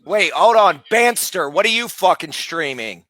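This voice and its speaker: Loud, profane male live streamer. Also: sits high, lively intonation, measured pace. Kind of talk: casual live stream chat.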